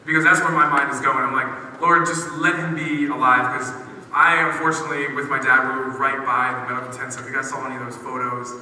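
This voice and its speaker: A young man telling a story to students, animated and full of "like"s. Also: medium pitch, a little hiss or hum. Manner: animated, quick storytelling with many "like"s. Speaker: guest speaker. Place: school auditorium. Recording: echoey hall, mic at a distance.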